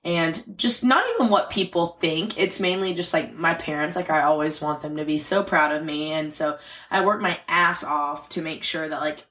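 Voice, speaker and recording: A woman's voice: low-pitched, fairly even intonation, moderate pace, a bit bright. A young adult woman co-hosting a podcast, chatting earnestly and laughing often. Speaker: podcast co-host. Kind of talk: casual chat.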